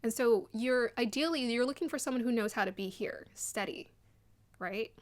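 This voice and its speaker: A young woman giving casual, animated commentary on a dating show, acting out quotes in an excited voice. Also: on the high side, moderate pace. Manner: chatty and animated, mimics people in quotes.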